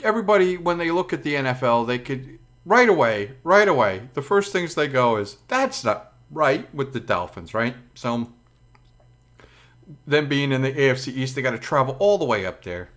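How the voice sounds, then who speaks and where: A man's voice: medium pitch, lively intonation, moderate pace, a bit bright. Rambling Brooklyn-accented man, crude and chatty. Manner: crude, profane, chatty with many fillers. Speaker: gaming channel host. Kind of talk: casual rambling monologue.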